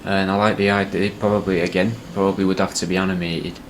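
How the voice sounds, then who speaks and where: Rambling man, low voice. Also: level tone, fast, noisy background. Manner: rambling, hesitant, says "and that". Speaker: comedy podcast host. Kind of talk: casual sketch pitch.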